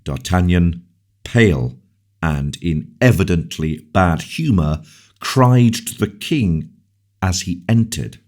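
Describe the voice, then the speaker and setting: A man narrating a classic novel in a measured, deliberate audiobook reading. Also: low voice, expressive, a little mellow. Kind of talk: scripted narration.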